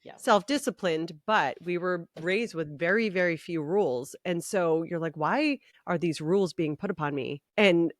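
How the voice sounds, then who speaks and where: Measured woman with a lower voice. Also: no room sound, clean studio sound. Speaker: podcast co-host. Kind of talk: casual chat.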